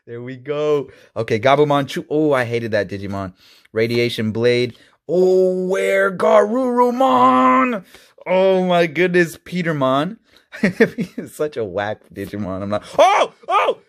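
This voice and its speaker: A man hosting a casual card-opening video, excitable and quick to burst into shouts, often stumbling over names. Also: medium pitch. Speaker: YouTube host.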